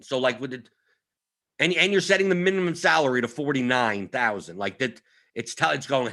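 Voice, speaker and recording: A man hosting a fantasy sports strategy show, walking through picks on a shared screen. He talks with animated energy, restarting and repeating words as he goes, in a voice that sits slightly high for a man. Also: fairly quick. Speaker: fantasy sports analyst host.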